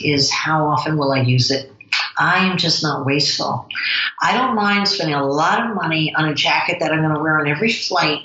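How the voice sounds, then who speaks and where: An older woman with a New Jersey accent talks with a bright, forceful edge and a somewhat low voice. She is emphatic and animated, and her pitch jumps up high. The sound is roomy and a bit dull, like a remote call. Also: a little hiss or hum. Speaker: guest. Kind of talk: podcast interview, casual chat.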